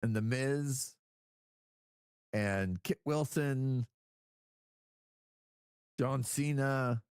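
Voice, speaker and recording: A man co-hosting a casual podcast review, lively and incredulous in quick bursts. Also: medium pitch, clean tone, no echo, studio quality. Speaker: podcast co-host.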